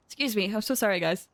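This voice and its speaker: A woman's voice: medium pitch, very noisy. A young woman streaming a game, chatting with viewers in a bubbly, giggly way. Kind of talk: casual live-stream chat.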